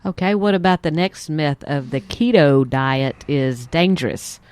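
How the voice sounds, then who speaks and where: A woman's voice: low voice, measured pace, a little mellow, smooth, dry recording. A woman co-hosting a casual health podcast, posing the questions and teasing her co-host dryly. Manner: asks questions, dry teasing.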